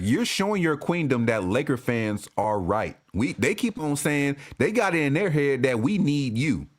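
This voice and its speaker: A man ranting as a sports fan commentator, profane and animated, often restarting and repeating himself. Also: fairly high pitch. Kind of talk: ranting vlog.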